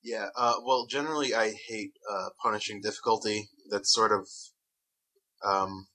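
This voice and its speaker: Man, co-host, bright tense tone, husky, rambling casual talk. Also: on the low side, fairly even intonation, normal speed, rough recording. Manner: rambling, filler-heavy, easygoing. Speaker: podcast co-host. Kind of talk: casual podcast chat about video games.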